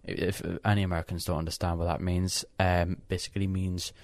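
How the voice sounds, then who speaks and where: A man's voice: low-pitched, level tone, a little fast, vocal fry, no room sound, clean studio sound. A teenage boy chatting casually, telling a rambling story full of swearing. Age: teens. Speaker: co-host. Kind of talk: casual chat.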